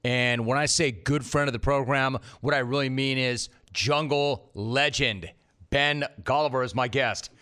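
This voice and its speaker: A man's voice: medium pitch, fairly even intonation, unhurried, sharp tone, smooth. A man hosting sports talk radio, wisecracking and bantering about callers and guests.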